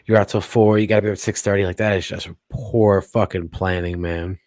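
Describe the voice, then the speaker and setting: Male co-host, low voice, dry close mic, wisecracking, swears a lot. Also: steady tone, a little mellow, dry recording. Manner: wisecracking, quick crude jokes. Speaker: podcast co-host. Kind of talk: casual profane chat.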